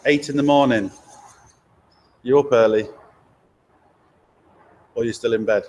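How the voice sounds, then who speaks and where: His mid-range voice is a little mellow. Live-streaming casually from a garage workshop, he reads out viewer comments and talks loosely with fillers and fast asides, picked up by a laptop or camera mic in a helper's hands.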